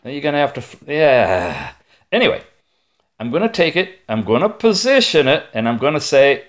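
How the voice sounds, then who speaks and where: A man walks through a gadget in a hands-on review, chatty and prone to playful digressions. His voice sits a little high and swings widely in pitch as he exclaims over details. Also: sing-song, normal speed. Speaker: tech reviewer.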